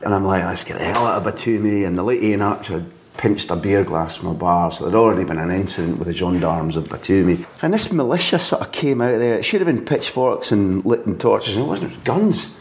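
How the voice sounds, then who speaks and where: A middle-aged Scottish man, a football journalist, hosting a casual interview and telling lively stories with quoted asides. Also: deep voice, a little fast. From Scotland.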